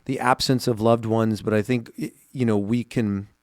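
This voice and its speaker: A man's voice: on the low side, steady tone, moderate pace, no echo. A man in his thirties co-hosting a podcast, chatting casually and reflectively with lots of fillers in a small studio. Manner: reflective, soft-spoken, many fillers. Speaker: podcast co-host.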